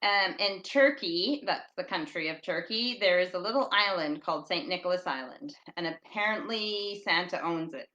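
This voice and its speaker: Loud, bright-voiced rambling woman. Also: on the low side, expressive, moderate pace, few pauses, roomy sound, highs cut off. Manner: rambling, chatty, reading out listener comments; talks loudly. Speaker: podcast host. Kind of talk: casual rambling chat. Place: at home in England.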